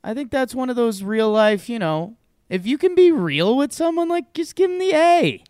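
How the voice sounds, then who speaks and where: A young man co-hosting a casual podcast, telling a story with lively energy and frequent laughs. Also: very high voice, moderate pace, smooth, dry recording, studio quality. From Connecticut, USA. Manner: animated storyteller, laughs often. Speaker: podcast co-host. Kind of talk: casual chat.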